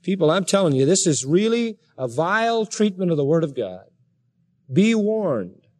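A man's voice: sits high, big pitch swings, moderate pace, darkish tone. A man preaching a sermon, reading scripture aloud and rising sharply in emphatic indignation. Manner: reads scripture aloud in King James wording.

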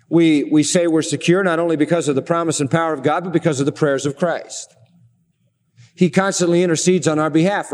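A middle-aged man preaching a sermon, slowing down for emphasis and asking the congregation rhetorical questions. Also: a little high, darkish tone, big-room sound.

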